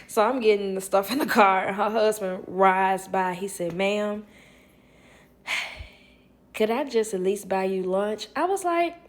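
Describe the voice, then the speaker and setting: A woman telling a casual storytime, animated, quoting people in lively voices and laughing often. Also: medium pitch, measured pace, pauses often. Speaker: storyteller vlogger.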